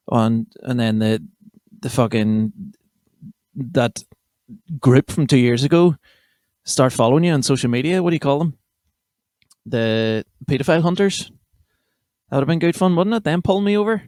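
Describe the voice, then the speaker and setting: A man's voice: medium pitch, normal speed, long pauses, a little mellow, no echo, studio quality. A young man from County Armagh with a Northern Irish accent, hosting a comedy podcast in a rambling, sweary, self-interrupting chat. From County Armagh, Northern Ireland. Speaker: podcast host. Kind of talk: casual comedy monologue.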